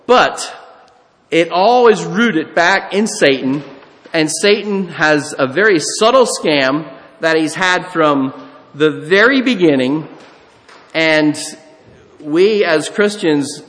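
A man's voice: fairly high pitch, a bit bright, in a large hall. A man preaching a sermon, moving from a folksy, conversational personal story into a teaching on scripture. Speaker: pastor.

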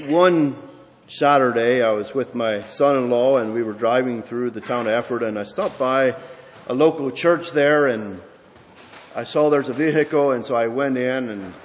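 A man giving a sermon as pastor, his mid-pitched voice ringing through a church hall with a long reverb. He tells his story with frequent restarts, then presses his points home with rising emphasis. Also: a little hiss or hum. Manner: storytelling with many restarts, building to emphatic preaching.

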